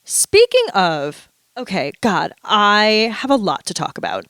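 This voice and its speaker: Smooth-voiced woman rambling playfully. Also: mid-range voice, wildly swooping pitch, unhurried, fairly bright tone, dry recording. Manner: rambling, playful, full of asides. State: stuffy, feeling unwell. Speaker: vlogger. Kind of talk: casual chatty monologue.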